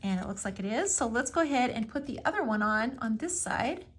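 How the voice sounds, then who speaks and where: A woman's voice: a little high, expressive, fairly quick, breathy edge. A woman giving a casual step-by-step craft tutorial, explaining each move with friendly fillers. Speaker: craft instructor.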